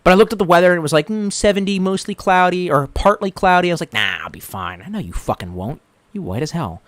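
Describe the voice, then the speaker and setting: A man chatting loosely on a live stream, swearing freely and wandering between chat comments and stories. His voice sits a bit high for a man, and the sound is close and dry, with no room around it. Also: lively intonation, fast, no room sound. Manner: profane, rambling, retells jokes with put-on voices. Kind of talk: casual chat.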